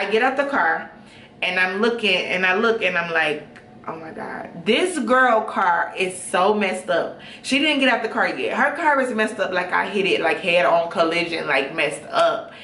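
A young woman telling a story casually, chatty and animated with lots of fillers. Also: medium pitch, normal speed, recorded from a distance, a little hiss or hum. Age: young adult. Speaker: vlogger. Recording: roomy room, off-mic.

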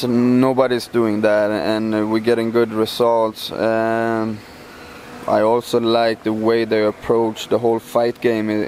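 Fighter, halting casual answers. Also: male voice, mid-range voice, darkish tone, a little hiss or hum. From Sweden. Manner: halting, many fillers and restarts. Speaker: MMA fighter, champion.

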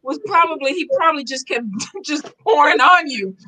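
Brief: woman host, high bright voice, bursts of laughter and exclamations in casual chat. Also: normal speed, poor audio. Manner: laughs a lot, exclaims, warm reactions.

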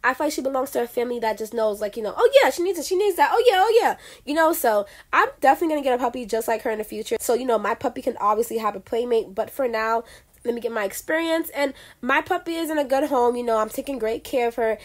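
A woman's voice: a little high, quick pace. A teenage girl vlogging in a chatty, gushing way, often saying "like" and "you know". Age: late teens. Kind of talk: casual vlog chat.

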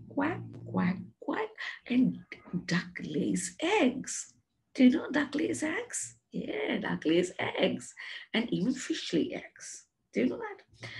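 A woman's voice: medium pitch, creaky, slightly rough. A woman teaching a science lesson to young children in a coaxing, sing-song way, often asking them questions. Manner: coaxing, gentle with the animals. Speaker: preschool teacher.

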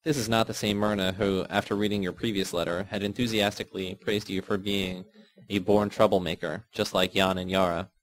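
Low-voiced man narrating a novel. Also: level tone, a little fast, poor audio. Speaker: audiobook reader. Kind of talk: first-person audiobook narration.

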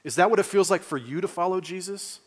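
A man's voice: high-pitched, fast, husky. A male pastor, giving a conversational sermon in a church and asking his listeners questions. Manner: conversational preaching, asks the congregation questions. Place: church sanctuary.

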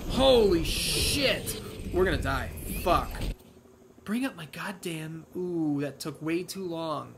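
A man giving profane, excitable let's play commentary, talking back to the game as he plays. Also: a little high, measured pace, noisy background. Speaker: gamer. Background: video game music and sounds.

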